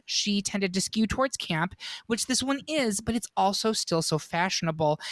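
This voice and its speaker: A man hosting a casual podcast, his voice light and high-sounding, with a playful, storytelling manner. The sound is dry and close, with no room around it. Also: a bit bright, no room sound. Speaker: podcast host.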